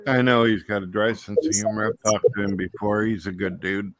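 A man's voice: fairly low pitch, level tone, a little fast, no echo. A man hosting a casual live stream chat, joking around and reading viewer comments aloud.

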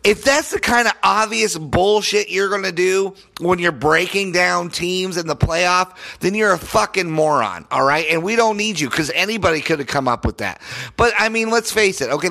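A man's voice: high-pitched, expressive, moderate pace, creaky, sharp tone. A man hosting a solo sports podcast, ranting in a heated, profane and sarcastic way.

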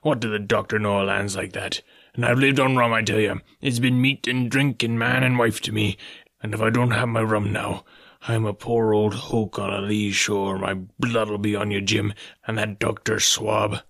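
A gruff, ailing old sea captain, put on by a man reading an audiobook, rasps in a low, gravelly, husky voice. He swings between wheedling and blustering in salty sailor talk. The sound is dry and close. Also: little pitch movement, moderate pace, a bit bright, dry recording. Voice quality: gravelly, raspy. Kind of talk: audiobook character voice.

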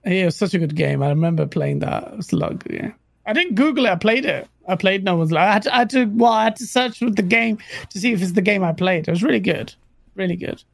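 A man with a London accent and a gravelly, fry-edged voice co-hosts a casual stream. He talks eagerly and repeats himself, and the sound is dry and close. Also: high voice, animated, fast, no room sound. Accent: London English. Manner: enthusiastic, laughs often, repeats himself. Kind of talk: casual live-stream chat.

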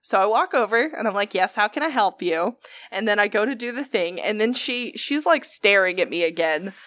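A young woman telling an incident from her life in a casual podcast chat. She speaks at a middle pitch, animated, and swears freely as she builds the story. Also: normal speed.

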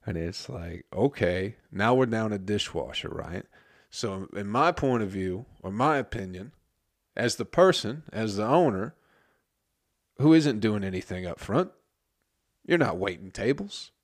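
Low-voiced man venting, heavy profanity. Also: expressive, measured pace, no room sound, clean studio sound. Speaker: restaurant kitchen worker. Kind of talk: casual storytelling rant.

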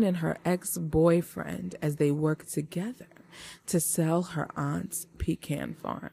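A woman's voice: low-pitched, fairly even intonation, slow, creaky, mellow, breathy edge. A woman hosting a casual movie-review podcast, chatty and hyped, talking straight to her listeners. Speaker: podcast host.

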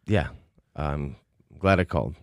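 Hesitant deep-voiced male player. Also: a little slow, no room sound, studio quality. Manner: hesitant, many ums. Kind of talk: playing a character in a tabletop game.

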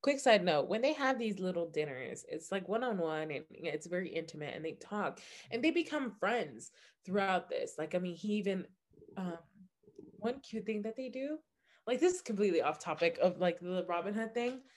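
A woman co-hosting a podcast, chatting casually and gushing animatedly as she retells things, with quick side notes. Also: mid-range voice, animated. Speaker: podcast co-host. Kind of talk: casual book chat.

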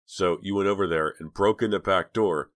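A man voicing a disbelieving male police detective who speaks in a flat, doubting way. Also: deep voice, normal speed, no room sound, clean studio sound, voice pushed up.

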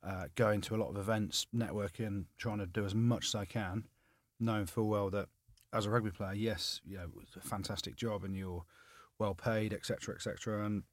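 A man in his forties with a lowish voice, talking in casual podcast banter as a retired rugby player. He ribs his friends and gets loud when he jokes. The sound is close and dry. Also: a little fast, few pauses, no room sound. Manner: teasing, loud and lively when joking.

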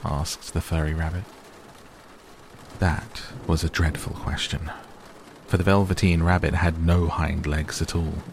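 A man softly and gently reading a bedtime story aloud as narrator. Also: extremely low pitch, level tone, unhurried, gravelly, a little hiss or hum. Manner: gentle, hushed. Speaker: audiobook narrator. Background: soft rain sounds.

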